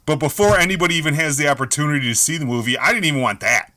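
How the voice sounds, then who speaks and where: A man co-hosting a podcast, talking in casual, profane, animated rants about movie audiences. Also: a little high, very fast. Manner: profane, animated ranting with shouted impressions. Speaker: podcast co-host. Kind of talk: casual chat.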